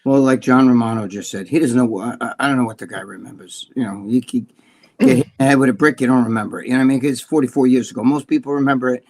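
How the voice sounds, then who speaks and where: A man, co-hosting a casual live stream and telling profane, animated stories. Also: mid-range voice, rapid-fire. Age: 60s. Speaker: co-host.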